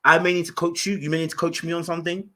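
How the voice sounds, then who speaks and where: A man's voice: a little high, little pitch movement, racing, pushed and bright. A man hosting a podcast, telling a story in an emphatic, casual way and often restarting and repeating his words. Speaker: podcast host.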